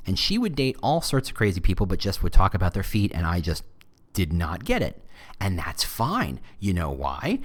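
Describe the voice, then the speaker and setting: Animated man riffing on a podcast. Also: medium pitch. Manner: animated, joking, conversational. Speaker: podcast host. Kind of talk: solo podcast monologue.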